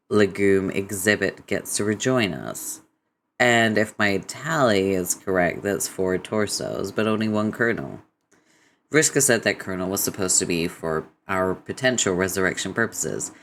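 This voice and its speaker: A man's voice: low-pitched, fairly bright tone, a little hiss or hum. A man voicing a sly, catlike young woman in a webcomic read-aloud, arch and mock-grand.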